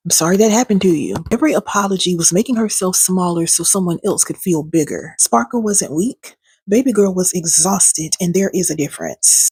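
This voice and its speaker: A woman's voice: fairly low pitch, fairly even intonation, brisk, creaky, a little mellow, breathy edge, no echo. A woman host, coaching her viewers in a direct-to-camera talk, preachy and sassy, calling them pet names. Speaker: healing coach and video host.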